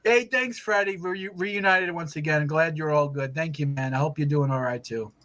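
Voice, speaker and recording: A man's voice: fairly high pitch, normal speed, fairly bright tone. A man co-hosting a casual livestream chat, joking and laughing often. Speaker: livestream co-host.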